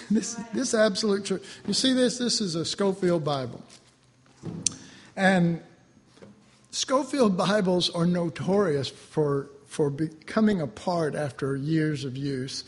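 A man's voice: high-pitched, unhurried, darkish tone. A man preaching a sermon, teaching from the Bible in an emphatic, conversational way and acting out his own inner dialogue. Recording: hall reverb with faint background noise.

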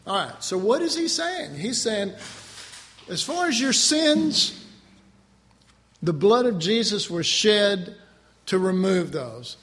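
High-voiced man preaching animatedly. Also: slow pace, long pauses, long reverb tail. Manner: animated, rhetorical, self-mocking. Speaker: pastor. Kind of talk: sermon.

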